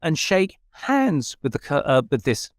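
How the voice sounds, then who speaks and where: Man telling a lively seance story. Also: fairly high pitch, measured pace, no echo, studio quality. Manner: animated anecdote with quoted voices, many restarts. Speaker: paranormal researcher and host. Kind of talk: conversational storytelling.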